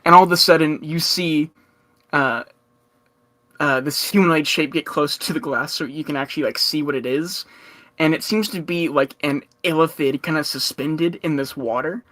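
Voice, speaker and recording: A man's voice: fairly high pitch, moderate pace, a bit bright. A man narrating a tabletop game as game master, rambling with many fillers and frequent laughs.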